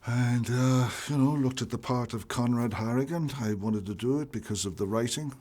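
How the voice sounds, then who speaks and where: A man from Ireland, an actor being interviewed, telling stories in an animated way, restarting and repeating his words. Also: mid-range voice, normal speed. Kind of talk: casual interview chat.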